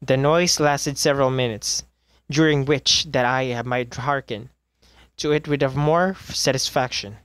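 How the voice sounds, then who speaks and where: Male amateur reader, mid-pitched, measured story narration, dry close mic. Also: fairly bright tone, no echo. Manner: measured, with occasional misreadings and self-corrections. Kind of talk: reading a classic short story aloud.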